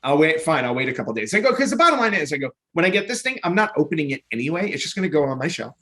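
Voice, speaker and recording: Animated man telling a story. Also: fairly high pitch, racing. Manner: animated storyteller acting out phone calls. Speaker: podcast co-host. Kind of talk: casual chat.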